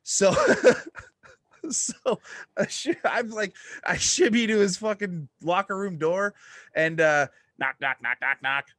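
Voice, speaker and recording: A man hosting a podcast, telling a story in a casual, excited way and swearing freely. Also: high voice, slow, no echo, clean studio sound. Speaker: podcast host.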